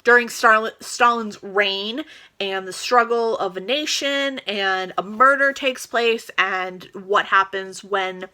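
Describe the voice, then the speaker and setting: A woman's voice: mid-range voice, slow pace, bright, forceful tone. A woman chatting casually as a book vlogger, eager and gushing as she shows off new books. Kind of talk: casual book haul chat.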